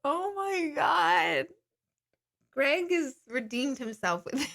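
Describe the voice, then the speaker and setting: Tired woman chatting with viewers live, keeps cracking up and saying sorry, high voice. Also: big pitch swings, slow, vocal fry, a bit bright. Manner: laughing fits, apologetic, swearing. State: tired, laughing to tears. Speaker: livestream host. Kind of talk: casual chat with viewers.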